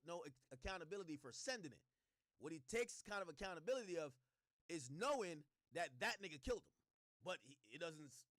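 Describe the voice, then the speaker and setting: A man giving casual reaction commentary on a trial as a channel host, telling it in animated slang and acting out the lines he quotes. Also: a little high, no room sound, studio quality.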